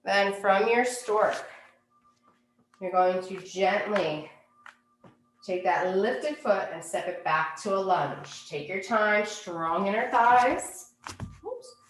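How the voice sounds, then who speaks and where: A woman teaching a yoga class, giving calm, unhurried cues for poses and breathing. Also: medium pitch, reverberant. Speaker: yoga instructor. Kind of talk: guided yoga class instruction.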